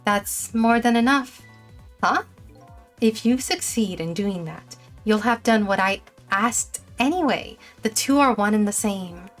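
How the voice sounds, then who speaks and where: Girl voicing a calm ghost mentor lamp, measured and instructive, soft game music behind. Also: medium pitch, close to an everyday voice. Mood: calm guiding.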